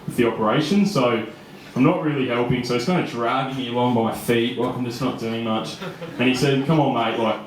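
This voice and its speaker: A man's voice: mid-range voice, brisk, crowd noise. A young man in his twenties with an Australian accent, telling a personal story live on stage in a casual, chatty way with frequent laughs and fillers. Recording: echoey room.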